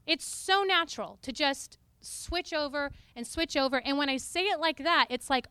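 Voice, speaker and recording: A woman preacher giving a lively, playful teaching talk to a congregation, often breaking into sung and spoken snippets. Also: sits high, moderate pace, few pauses, no echo.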